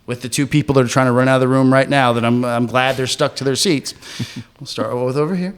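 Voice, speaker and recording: A man's voice: medium pitch, steady tone, brisk, slight background noise. A man hosting a casual movie discussion podcast, joking and theatrical as he leads it. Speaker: podcast host.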